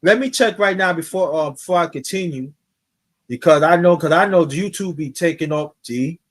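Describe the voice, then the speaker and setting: A man's voice: on the high side, moderate pace. A man hosting his channel, casually telling a personal story in a rambling way, repeating himself and restarting sentences. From New York. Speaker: YouTube channel host. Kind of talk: casual storytelling on a live chat.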